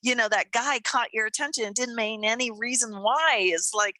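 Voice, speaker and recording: A bright, forceful woman hosts a casual podcast chat. She tells her stories with animation and acts out her own inner voice, laughing often. The sound is dry and close. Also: fairly high pitch, moderate pace, no room sound. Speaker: podcast host.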